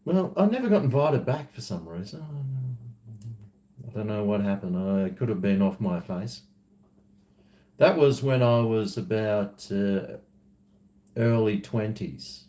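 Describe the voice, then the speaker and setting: A man's voice: lowish voice, lively intonation, unhurried, pauses often, mellow. A man with an Australian accent chatting casually to camera, rambling and self-mocking as he drifts between asides. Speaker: vlogger.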